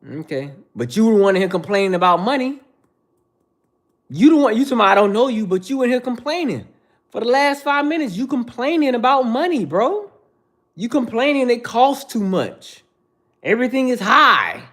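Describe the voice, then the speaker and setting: A man's voice: very high-pitched, big pitch swings, moderate pace, a bit bright. A man in his thirties hosting a livestream, bluntly lecturing viewers in the chat with repetitive slang. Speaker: livestream host. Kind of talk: casual livestream rant.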